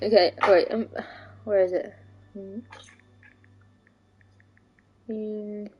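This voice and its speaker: A woman's voice: mid-range voice, little pitch movement, extremely slow, lo-fi sound, a little hiss or hum. A young woman streaming, chatting casually and rambling, with frequent restarts and casual swearing. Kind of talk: casual live-stream chat.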